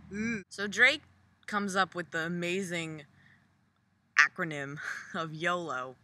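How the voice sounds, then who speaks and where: A young woman vlogger delivering a profane, sarcastic comedic rant, jumping high for mocking asides. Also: slow pace, pauses often, bright, forceful tone. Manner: sarcastic, profane, jumpy pitch for mock quotes.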